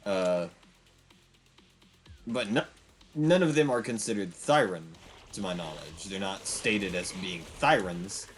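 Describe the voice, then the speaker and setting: A man's voice: low voice, slow, pauses often, faint music behind. A young man streaming a game, giving a rambling, emphatic commentary with frequent restarts. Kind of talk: casual gameplay commentary.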